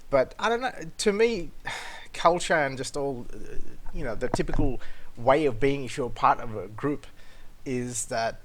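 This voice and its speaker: A man hosting a show, ranting bluntly and with plenty of swearing, swinging between loud outbursts and low muttering. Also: lively intonation, measured pace, slight background noise. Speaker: podcast host. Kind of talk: casual ranting monologue.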